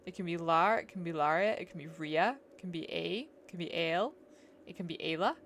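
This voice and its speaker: A woman's voice: lowish voice, a little fast, fairly bright tone, a little hiss or hum. Chatty woman streaming a game. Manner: chatty and giggly, musing aloud. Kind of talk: casual live-stream chat while gaming.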